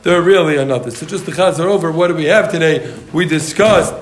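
In an echoey room with a touch of background noise, a man with a slightly high voice teaches Gemara to his students. He works through the text while tossing off jokes and brief side comments to the class.

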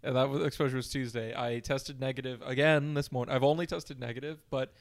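Podcast co-host: congested, anxious New man, smooth resonant voice, talks in loose rambles. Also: mid-range voice, steady tone, fast. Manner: rambling, anxious, self-deprecating. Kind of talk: casual chat. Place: room at home.

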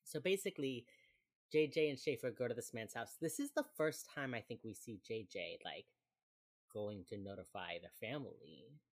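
Young woman podcast co-host, very deep voice, casual chatty recap delivery, laughs a lot. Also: expressive, normal speed. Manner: chatty, laughs often, acts out quoted lines. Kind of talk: casual chat.

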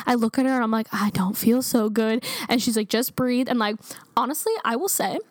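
A woman's voice: a little high, fairly quick, no room sound. Chatty young woman, dry close sound. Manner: chatty, animated, laughing often, many "like" fillers. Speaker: storyteller. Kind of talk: casual storytime vlog.

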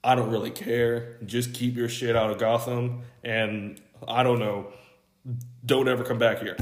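Young man, casual rambling storyteller, mid-pitched voice, echoey room. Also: level tone, a little slow, a little hiss or hum. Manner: rambling, quotes characters in an offhand voice, swears casually. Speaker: podcast host.

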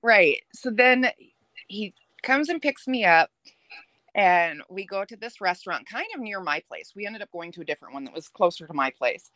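A woman's voice: medium pitch, normal speed, dry recording. Brief: young adult woman, mid-range voice, casual storyteller, dry close sound. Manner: chatty, animated, laughs while telling. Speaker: podcast guest.

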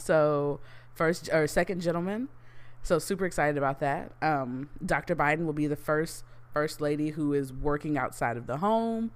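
Chatty excited woman podcast host. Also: sits low, moderate pace, clean tone. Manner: excited, chatty, many fillers and restarts. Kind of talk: casual solo podcast talk.

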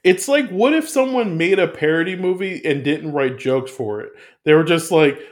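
A man chatting casually about a film, animated and profane, rambling with restarts as he talks. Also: a little high, moderate pace. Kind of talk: casual movie review chat.

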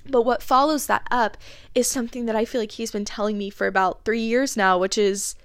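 A young woman with a congested voice, earnestly chatting through a faith podcast episode with frequent fillers and soft laughs. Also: fairly high pitch, fairly even intonation, fairly quick, clear, resonant tone, dry recording. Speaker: podcast host. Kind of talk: casual faith podcast monologue.

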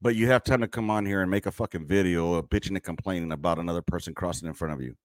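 Blunt, low-voiced man hosting a podcast. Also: racing, no room sound. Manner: blunt, profane, joking military slang. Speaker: podcast host; military veteran. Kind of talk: casual commentary on clips.

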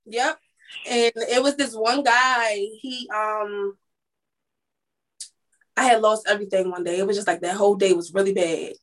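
Speaking at a normal speed with a steady, medium-pitched and fairly bright tone, this woman takes long pauses. As a guest in a laid-back interview, the makeup artist and lash business owner rambles through her story, restarting often and performing the dialogue she quotes.

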